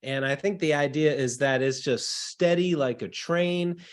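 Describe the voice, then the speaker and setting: A man's voice: a little high, unhurried. A man teaching an online ukulele lesson over a video call, encouraging his students and chanting rhythms with them.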